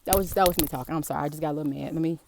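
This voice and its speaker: A woman's voice: low voice, very fast, creaky, darkish tone, dry recording. A woman from the South Side of Chicago with a Chicago accent, reading and commenting outdoors in a casual, slangy way, often exclaiming in disbelief. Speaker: personal finance vlogger. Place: outdoors in the heat.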